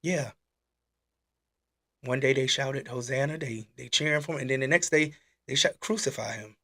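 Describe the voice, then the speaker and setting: A man hosting a casual church-style live talk. He is animated and exclaiming, and he repeats his questions. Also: mid-range voice, moderate pace. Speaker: host. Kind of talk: casual preaching live stream.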